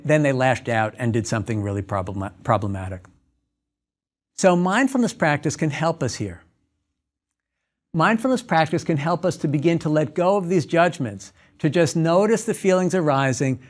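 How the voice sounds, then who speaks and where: A clinical psychologist giving a talk, telling everyday stories and acting out the dialogue. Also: male voice, fairly high pitch. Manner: storytelling, acts out dialogues. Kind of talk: lecture talk.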